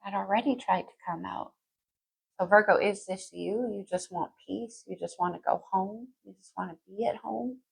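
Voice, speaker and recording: A woman's voice: medium pitch, moderate pace, vocal fry, slight background noise, rough recording. A woman reading tarot cards for her viewers in a chatty, think-aloud way. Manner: chatty, thinks aloud, sings lyrics softly. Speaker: tarot reader.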